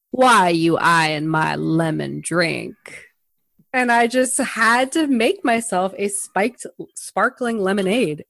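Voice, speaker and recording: A woman co-hosting a casual podcast, playful and animated. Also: medium pitch, no room sound, clean studio sound. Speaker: podcast co-host. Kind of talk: casual chat.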